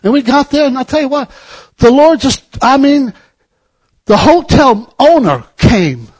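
A man's voice: very high-pitched, animated, measured pace. A middle-aged man preaching a sermon, telling a personal story that builds into fervent exhortation. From United States. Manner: anecdotal, rising to fervent exhortation.

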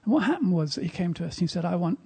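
Raspy, gravelly-voiced man preaching. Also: sits high, big pitch swings, rapid-fire. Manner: emphatic, storytelling, drops to a whisper in quiet moments. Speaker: speaker at a church service. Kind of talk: sermon with storytelling.

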